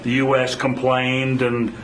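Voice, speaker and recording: A man's voice: medium pitch, completely flat delivery, measured pace, slight background noise, low-quality recording. A man speaking as a reporter, putting casual, direct questions at a press briefing.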